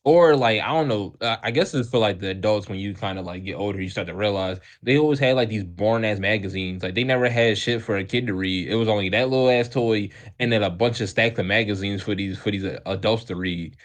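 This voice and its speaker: A man's voice: lowish voice, fairly quick, hardly any pauses. A man co-hosting a podcast, casually telling a childhood story in a rambling way with lots of restarts. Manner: rambling, many restarts and fillers, laughs often. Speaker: podcast co-host.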